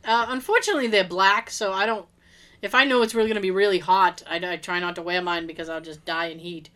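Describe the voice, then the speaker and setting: A woman co-hosting a podcast, telling a story in a casual, animated way and acting out what people said. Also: mid-range voice, quick pace. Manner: animated, laughing, acts out quotes. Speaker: podcast co-host.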